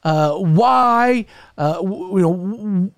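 A man's voice: high-pitched, expressive, slow, no echo, exaggerated voice. A man acting out a heartbroken, angry young man betrothed to a woman, speaking in a hurt, accusing way.

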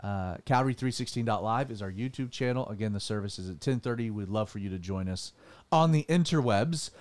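A man's voice: fairly low pitch, fairly quick, darkish tone. A man, a pastor hosting a casual studio podcast, joking and rambling with restarts.

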